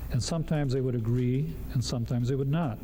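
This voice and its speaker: A man testifying in court as an expert witness, measured and halting, with frequent fillers. His voice is very dark and mellow. Faint noise sits behind him. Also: mid-range voice, in a large hall. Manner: measured, hesitant, with many fillers.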